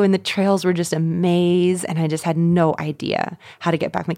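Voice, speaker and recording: Low-voiced woman telling a story. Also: a little fast, few pauses, no echo, clean studio sound. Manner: animated, laughs often, acts out her own thoughts. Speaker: podcast guest, runner and coach. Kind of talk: casual storytelling.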